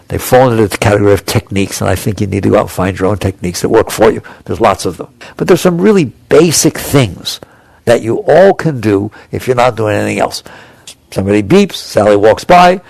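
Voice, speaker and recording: A man's voice: on the low side, vocal fry, a little mellow, dry recording. A man giving a conversational spiritual talk to an audience, acting out inner voices with small chuckles. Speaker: spiritual teacher.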